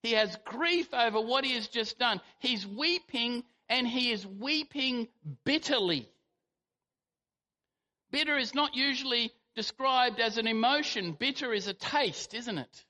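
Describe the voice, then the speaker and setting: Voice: mid-range voice, expressive, measured pace, pushed and bright. A preacher giving a sermon, telling the story animatedly and acting out quotes. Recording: long hall reverb.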